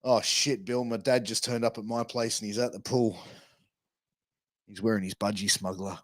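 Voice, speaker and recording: A man's voice: on the low side, fairly even intonation, moderate pace, no echo. An Australian man hosting a podcast interview, laid-back and jokey, with lots of fillers. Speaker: podcast host. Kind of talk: casual interview chat.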